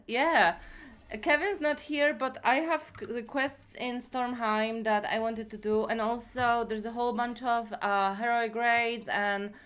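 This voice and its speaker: A woman's voice: a little high, a bit bright, clean tone. A woman streaming a game live, chatting casually with viewers and greeting them by name while a little out of breath.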